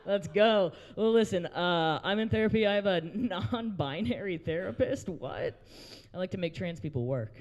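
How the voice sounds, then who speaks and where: Young guy hosting open mic, slightly high voice, brash crude jokes, crowd work. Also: animated, moderate pace, hardly any pauses, big-room sound, lo-fi sound. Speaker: open mic host and comedian. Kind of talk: stand-up comedy set. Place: brewery taproom, live audience.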